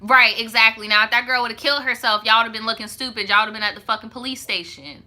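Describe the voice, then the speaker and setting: A young woman hosts a live storytime stream and sounds off on viewer stories. Her voice is very bright and cutting, and she swears freely in heated slang as she reacts. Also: a little high, steady tone, quick pace, few pauses. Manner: blunt, profane, heated slang-heavy reactions. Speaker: host reading viewer stories.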